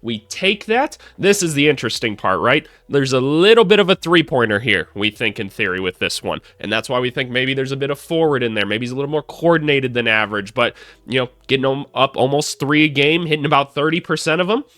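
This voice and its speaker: A man's voice: medium pitch, animated, a little fast, fairly bright tone, dry recording. A young man, a former college coach, chatting casually and upbeat through a basketball scouting breakdown, a little self-deprecating.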